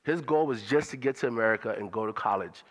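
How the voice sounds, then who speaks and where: A man putting on his father's voice, an earnest older immigrant, speaking slowly and patiently. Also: mid-range voice, lightly acted. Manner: slow, patient, repeating his saying.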